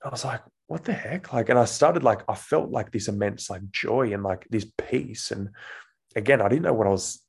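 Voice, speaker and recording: A man in his twenties with an Australian accent and a low, gravelly voice. He tells his story in an easygoing way, with lots of fillers. He acts out the voices of the people he quotes. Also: moderate pace. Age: 20s. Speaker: guest, actor. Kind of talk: casual storytelling interview.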